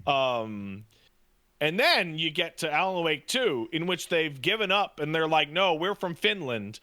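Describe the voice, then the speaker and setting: A man's voice: on the high side, sing-song, unhurried, sharp tone, clean tone, no echo, clean studio sound. A man co-hosting a podcast in casual banter, ranting in an exasperated tone and swearing often. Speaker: podcast co-host.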